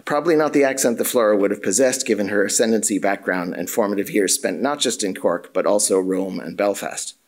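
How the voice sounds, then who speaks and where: Male lecturer, lowish voice, formal measured reading of a scholarly paper, occasional filler. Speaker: academic lecturer. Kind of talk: reading a prepared conference paper. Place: university symposium room.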